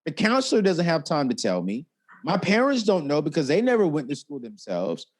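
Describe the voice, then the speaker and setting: Chatty finance guy in an interview, super expressive, acts out quotes, loves to talk. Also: brisk. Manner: expressive, acts out quotes with big pitch jumps, talkative. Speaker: guest, personal finance expert. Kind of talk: animated interview storytelling.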